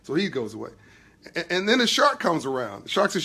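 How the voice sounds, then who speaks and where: A man's voice: a little high, a little fast. A man hosting a spontaneous live video talk from his new office. He preaches about money and acts out voices as he tells a story. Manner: animated storytelling with acted-out voices, emphatic and preachy. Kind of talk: spontaneous motivational talk to viewers.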